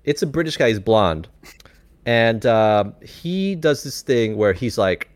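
A man hosting a podcast, telling stories in a lively casual way, swearing and acting out other people's voices. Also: mid-range voice, normal speed, dry recording. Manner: animated storytelling, swears, acts out voices.

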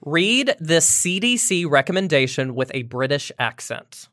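A woman's voice: low voice, big pitch swings, measured pace, a bit bright, no echo, studio quality. A woman chatting casually with a co-host, giggly and playful. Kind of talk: casual chat.

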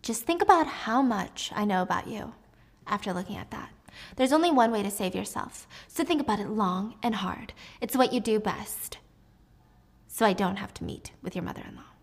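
A woman voicing a vengeful teacher who speaks in a quiet, cold, menacing tone. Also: mid-range voice, animated, normal speed, creaky.

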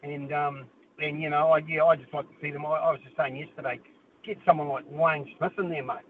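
A man's voice: on the high side, fairly even intonation, fairly quick. Kiwi male caller, keen and matey, heard over a thin phone line with light noise. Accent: New Zealand. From New Zealand. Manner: says mate constantly, restarts a lot. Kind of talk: casual phone-in chat. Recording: tinny phone line with hiss.

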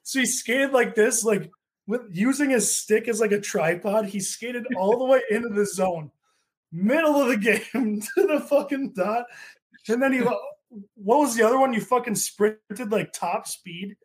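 A man's voice: sits high, measured pace. A young man co-hosting a casual podcast chat, telling stories in a laid-back way, full of "like" fillers and swearing. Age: young adult. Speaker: podcast co-host.

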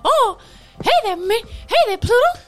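A woman doing a squeaky cheery cartoon mouse. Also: lively intonation, normal speed. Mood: chirpy. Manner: squeaky, giggly greetings. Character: cheery high-voiced male cartoon mouse.

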